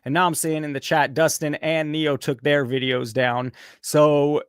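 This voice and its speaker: A man's voice: fairly high pitch, little pitch movement, a little slow, clean tone, no echo, studio quality. Rambling, profane man hosting a call-in. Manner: rambling, profane, jumps between chat and caller. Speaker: host of a live call-in show. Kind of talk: casual live-stream chat. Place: home studio, fighting an echo.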